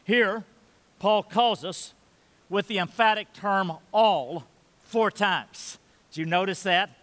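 Emphatic high-voiced preacher in a hall. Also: male voice. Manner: emphatic preaching, swings loud and soft. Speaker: pastor. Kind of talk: sermon. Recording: long hall reverb.

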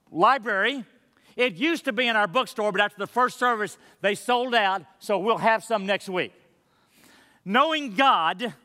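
A man's voice: sits high, bright, forceful tone, clean tone. A man preaching as a pastor in a church, earnest and emphatic, breaking into teaching asides. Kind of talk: sermon. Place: church sanctuary. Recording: long church-hall reverb.

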